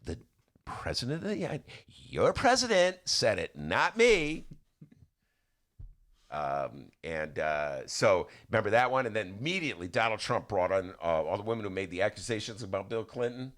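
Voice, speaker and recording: A man's voice: on the low side, sing-song, normal speed, a bit bright. A man giving an indignant, stumbling political rant on a talk podcast, recorded at a studio microphone. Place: radio-style studio.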